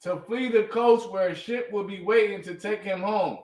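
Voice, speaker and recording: A man in a class reading scripture text aloud, a little halting. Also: high voice, a little mellow, recorded from a distance. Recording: echoey room, off-mic.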